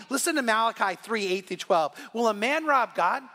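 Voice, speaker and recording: A middle-aged man preaching from the pulpit with a high, bright, ringing voice. He tells stories with animation and acts out the voices of God and biblical figures. His words carry a long reverb through a church hall. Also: brisk, hardly any pauses. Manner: animated storytelling, voicing God and Bible figures. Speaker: pastor. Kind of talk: sermon. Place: church sanctuary.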